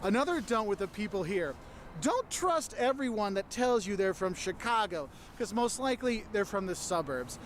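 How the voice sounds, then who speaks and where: A man's voice: sits high, big pitch swings, normal speed, a little hiss or hum. A man talking casually to camera as a travel vlogger, giving chatty, explanatory advice about a city with a light humorous touch.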